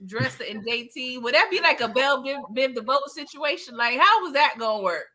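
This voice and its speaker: A woman's voice: sits high, fairly quick. A woman hosting a live movie review chat, retelling scenes with emphatic delivery, acting out the characters' lines and laughing often. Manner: animated, emphatic storyteller who acts out the characters' lines. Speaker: channel host.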